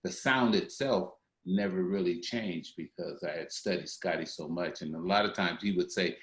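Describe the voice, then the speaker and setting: An older man speaking in a notably deep voice, a singer talking over his past work. He pauses and restarts as he thinks aloud. The room around him is echoey. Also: fairly bright tone. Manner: reflective, with fillers and restarts. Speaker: guest singer. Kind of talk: interview conversation.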